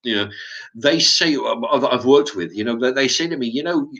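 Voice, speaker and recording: A middle-aged man with an English accent, talking in a halting, rambling monologue to his channel's viewers, often stumbling and repeating his words. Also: medium pitch, expressive, fairly bright tone, dull audio. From England. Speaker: YouTube channel host.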